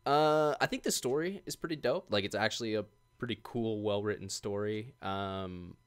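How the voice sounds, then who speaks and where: A relaxed male podcast host with a fairly low voice, talking casually and laughing easily between thoughts. He reads a sponsor message with the same loose, filler-heavy chat as the rest of the show. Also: normal speed, clear, resonant tone. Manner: laid-back, chatty, laughs often, many fillers.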